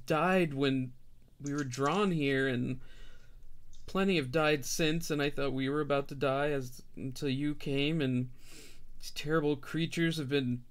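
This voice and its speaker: A man's voice: a little high, clear, resonant tone, close to an everyday voice. A man voicing a frightened, ragged human mother who rambles anxiously in a raised voice.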